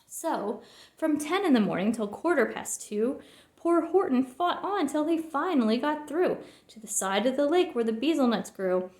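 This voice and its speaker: A woman reading a rhyming picture book aloud in a lively, expressive storytelling manner. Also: high voice, moderate pace. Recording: roomy echo.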